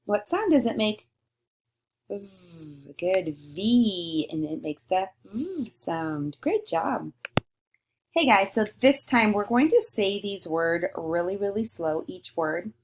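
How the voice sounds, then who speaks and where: A woman teacher giving a recorded lesson to young children, slowly sounding out letters and praising answers. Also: mid-range voice, expressive, slight background noise. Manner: slow, sing-song and encouraging, sounding out letters.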